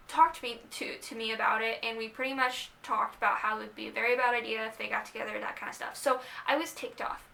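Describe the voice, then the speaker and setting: A young woman casually telling the story of how she started dating, chatty and animated, quoting herself and others as she goes. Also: a little high, gravelly. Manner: chatty, animated retelling with quoted asides. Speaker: vlogger.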